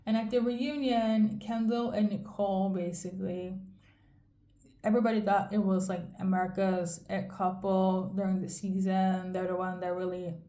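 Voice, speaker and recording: A woman giving a casual tarot reading in a rambling, fairly monotone way, often checking in with "okay?". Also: medium pitch, normal speed, reverberant. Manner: monotone delivery. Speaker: tarot reader.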